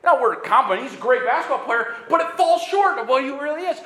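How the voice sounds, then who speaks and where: A man preaching a sermon in an animated way, sometimes raising his voice and acting out quick bits of dialogue. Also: extremely high pitch, roomy sound. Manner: animated preaching with bursts of shouting; acts out dialogue in quick asides. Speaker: pastor.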